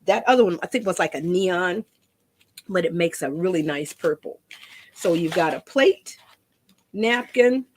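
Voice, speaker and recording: A woman's voice: lowish voice, expressive, measured pace, long pauses, darkish tone, slight background noise. A woman demonstrating a painting craft in a chatty, rambling way, often repeating her words.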